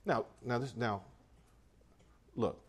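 A pastor preaching a sermon in a conversational way, often restarting and repeating phrases. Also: male voice, mid-range voice, slow pace, slightly rough.

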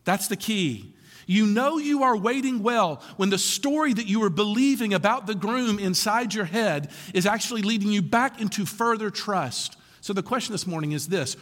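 A male pastor preaches with a high, lively voice whose pitch rises and falls a lot. He addresses the congregation conversationally, asking them question after question, and the audio echoes with the long reverb of a church hall.

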